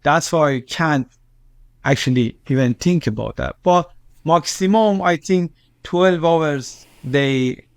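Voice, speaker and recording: A journalist from Iran, appearing as an interview guest, recounts events in halting non-native English with frequent fillers and restarts, and he turns agitated when quoting. His voice is high with an Iranian accent, and there's no room sound.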